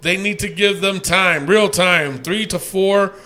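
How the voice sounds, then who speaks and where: A man hosting a casual podcast, loud and profane, reading out listener comments with laughter. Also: high voice, unhurried. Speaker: podcast host.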